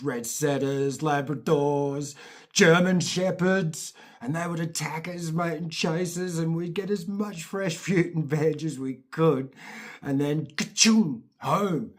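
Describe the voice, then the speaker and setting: A Scottish man telling comic childhood stories in a casual, animated way, with swearing and laughter. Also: mid-range voice. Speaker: storyteller, channel host.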